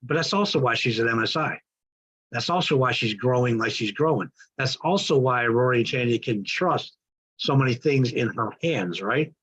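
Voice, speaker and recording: A man hosting an online training call who warmly introduces the next speaker. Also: medium pitch, expressive, normal speed, slightly rough, lo-fi sound. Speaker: host introducing a guest. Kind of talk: enthusiastic introduction.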